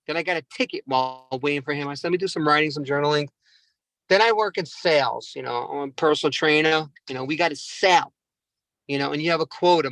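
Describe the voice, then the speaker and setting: Guy doing standup, kinda high voice, rambling, self-mocking, keeps saying guys, dry sound. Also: fairly bright tone, no echo, rough recording. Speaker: stand-up comedian. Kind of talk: stand-up comedy.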